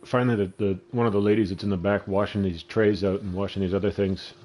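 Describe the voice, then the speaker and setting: A man's voice: lowish voice, fairly even intonation, quick pace, darkish tone. A man with a Canadian accent, telling a rambling, profane story while playing a game. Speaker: gaming vlogger. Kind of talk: casual storytelling over gameplay.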